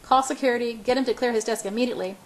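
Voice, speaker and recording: A woman's voice: fairly high pitch, racing, close to an everyday voice. A woman reading the part of a furious, domineering young billionaire who barks clipped commands.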